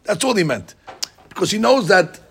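A man teaching a class on a text. He explains it in an animated way, acts out the people he quotes and often repeats his words. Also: high voice, normal speed, gravelly, breathy edge.

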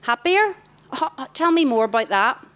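A middle-aged woman, giving an animated talk to young people in a festival tent and questioning the crowd directly. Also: high-pitched, a little slow. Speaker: youth event speaker. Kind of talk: interactive talk to a young audience. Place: large festival tent, live audience.

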